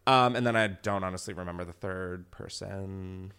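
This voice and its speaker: A man's voice: low voice, normal speed, a bit bright, smooth. A young man hosting a podcast, telling a story with a lot of swearing and frequent laughs into a desk microphone in a studio. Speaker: podcast host. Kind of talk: casual podcast chat, storytelling.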